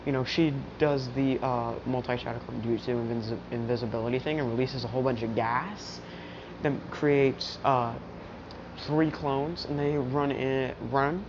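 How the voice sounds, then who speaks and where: A man's voice: medium pitch, steady tone, normal speed, background noise. A young man casually telling a fan-made story, rambling along with restarts and "you know"s, on a dull lo-fi recording. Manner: rambling, lots of fillers and restarts.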